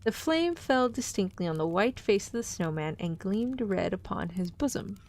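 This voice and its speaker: A woman streamer reads a classic tale aloud, with casual, playful asides to her chat. Her voice sits at an everyday middle pitch. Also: animated, normal speed, darkish tone. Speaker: vtuber host reading a story.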